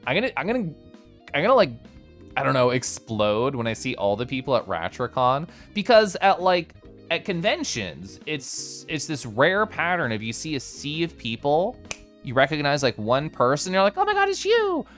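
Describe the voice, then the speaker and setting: A man from Kansas chats casually on his live stream, answering his viewers in a playful, laughing way. His pitch sits in the middle but leaps up and drops low all the time. Soft music plays faintly in the background. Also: big pitch swings, normal speed. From Kansas, United States.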